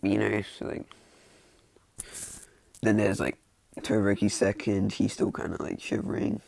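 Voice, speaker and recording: A man's voice: fairly low pitch, flat delivery, a little slow, creaky, darkish tone, dry recording. A young man casually retelling a fan-made story, rambling and self-mocking, with lots of "like" and restarts.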